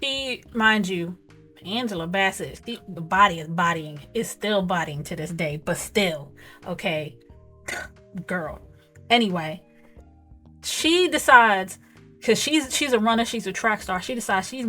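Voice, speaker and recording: A woman hosting a casual movie review, talking in an animated, emphatic way with lots of asides. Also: medium pitch, a little slow, faint music behind. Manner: animated, emphatic, repeats "okay?" and "whatever". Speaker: film reviewer, host.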